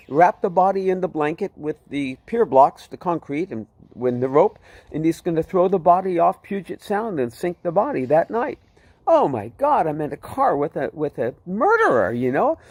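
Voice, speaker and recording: Man, fairly high voice, lively storytelling testimony. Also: moderate pace, no echo. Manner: vivid, animated, repeats himself. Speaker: testimony speaker.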